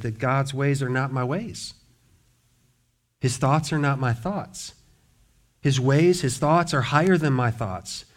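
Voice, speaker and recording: Earnest preaching man, slightly high voice. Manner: earnest, building emphasis through repeated questions. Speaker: pastor. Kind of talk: sermon. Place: church.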